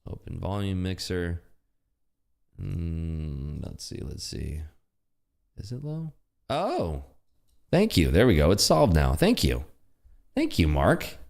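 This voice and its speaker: Male livestream host, deep voice that swings up and down a lot, loose jokey chatter, frequent laughter. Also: huge pitch swings, takes it slowly, vocal fry, long pauses, a little mellow. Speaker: day-trading livestream host. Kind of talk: live trading commentary chat. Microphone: desk computer streaming setup.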